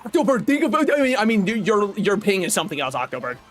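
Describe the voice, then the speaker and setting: High-pitched dude streaming a kart race, swearing a lot, faint game music under him. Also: male voice, quick pace. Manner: excitable, profane banter with chat. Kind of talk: live gameplay commentary.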